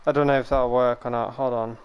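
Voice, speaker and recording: A male streamer talking loosely to his chat while he plays, cracking crude jokes and cursing with ease. His voice is clear and smooth at an ordinary male pitch, and he stumbles over repeated words when he stops to think. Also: little pitch movement, quick pace, highs cut off. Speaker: live streamer. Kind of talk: casual stream chat with viewers.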